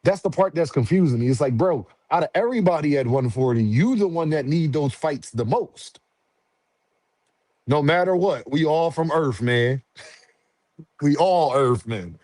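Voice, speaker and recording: A man holding forth on a livestream, loose and slangy, calling out to viewers as he rants. His voice sits a bit high for a man and comes across dry and close, with almost no room sound. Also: normal speed, no echo. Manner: slangy, animated, talks back to chat. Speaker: boxing commentary streamer. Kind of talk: casual livestream commentary.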